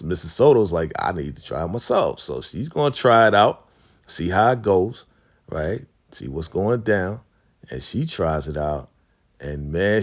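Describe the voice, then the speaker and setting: A man casually recapping a TV episode, laughing often and acting out the characters' lines. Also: lowish voice. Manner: slangy, laughs often, acts out lines in quick voices. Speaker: recap host.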